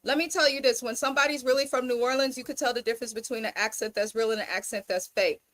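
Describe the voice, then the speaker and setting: A woman's voice: on the high side, fairly even intonation, fast, a bit bright. A woman from the Bay Area, hosting a casual reality TV recap in a blunt, exasperated way. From Bay Area, California. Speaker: host.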